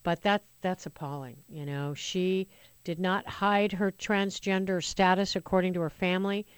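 A woman's voice: fairly low pitch, steady tone, normal speed, clear, resonant tone, no room sound. A woman hosting a talk radio show, delivering an opinionated monologue in a chatty, indignant way with sarcastic asides.

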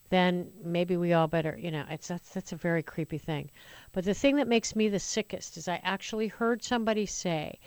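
A woman's voice: mid-range voice, clean tone, dry recording. Indignant talk radio host, woman. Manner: chatty and indignant, with sarcastic asides. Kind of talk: opinionated talk radio monologue.

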